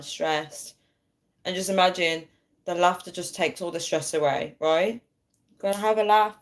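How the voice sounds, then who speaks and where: A young woman chatting casually to viewers on a phone livestream, laughing often and thanking them. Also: lowish voice.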